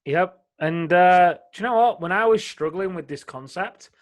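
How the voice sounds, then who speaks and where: A man's voice: high-pitched, moderate pace. A man co-hosting a casual podcast conversation, talking through his own past struggles in a reflective, open way. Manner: reflective, openly shares personal struggles. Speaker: podcast co-host.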